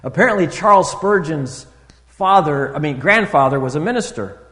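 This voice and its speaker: A man's voice: animated, normal speed. Preaching man in an echoing sanctuary. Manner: conversational preaching with fillers and restarts; rises loud and high for emphasis, drops soft for asides. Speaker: pastor. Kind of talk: sermon.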